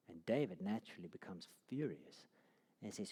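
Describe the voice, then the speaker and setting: A man's voice: lowish voice, expressive, moderate pace, mellow. A man teaching a Bible course, telling the story dramatically and sinking to a near whisper at key moments. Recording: long hall reverb.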